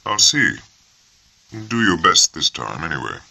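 A calm, reserved naval captain read by a male narrator who speaks in measured, clipped phrases. The voice sits very low with a gravelly, husky grain. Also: heavily acted.

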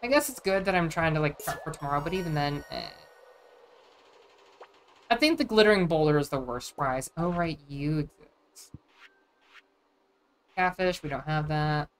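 A woman's voice: deep voice, expressive, brisk, a little hiss or hum. A woman streamer chatting casually and thinking aloud as she plays a game. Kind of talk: casual gameplay chat.

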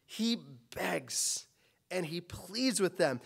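A man's voice: sits high, big pitch swings, measured pace, a bit bright. A man preaching a sermon as pastor, impassioned and full of rhetorical questions.

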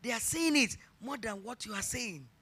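Preaching with a Nigerian accent, this middle-aged female pastor hammers home repeated phrases and climbs toward shouted exhortation. Her pitch is a little high, her intonation lively, her pace moderate, and her voice slightly rough.

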